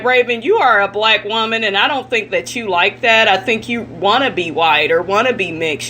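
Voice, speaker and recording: Bright-voiced woman ranting blunt gossip. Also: on the high side, slight background noise. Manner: blunt, profane and indignant, addressing viewers directly. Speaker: celebrity gossip vlogger. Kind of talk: ranting commentary vlog.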